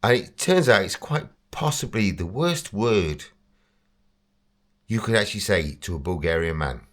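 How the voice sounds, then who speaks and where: English bloke rambling on about himself, lowish voice, bounces up and down a lot. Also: male voice, lively intonation, measured pace, fairly bright tone. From England. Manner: chatty, rambling, self-deprecating, laughs often. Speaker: vlogger. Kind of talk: casual storytelling monologue.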